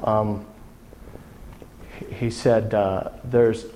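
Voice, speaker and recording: A man's voice: lowish voice, steady tone, drawn-out words, noisy background. Casual conversational male preacher. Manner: casual, conversational storytelling with many restarts. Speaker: pastor. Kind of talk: sermon.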